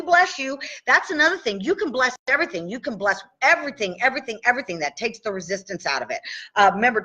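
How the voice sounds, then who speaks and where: This woman's voice sits in the mid range with a fairly bright tone, though the highs are cut off. Leading a tapping session on a relaxed live stream, she stays chatty and keeps asking "okay?" as she moves through each point.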